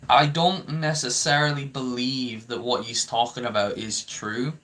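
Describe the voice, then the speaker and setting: A man's voice: medium pitch, steady tone, measured pace, a bit bright. A young man ranting to his viewers, heated and swearing often, with frequent stammering restarts. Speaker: vlogger. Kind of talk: ranting commentary to camera.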